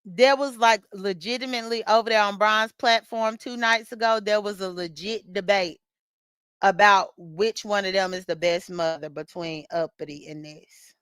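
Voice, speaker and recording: A chatty woman recaps online drama for her viewers in a casual morning chat while getting ready, laughing often and addressing commenters by name. Her medium-pitched voice is steady, a bit bright, and moves at a normal speed. The sound is clean, with no echo.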